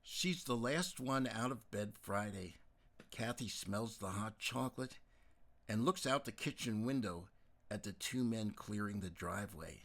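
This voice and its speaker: A man giving measured, gentle scripted narration of an audiobook. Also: on the low side.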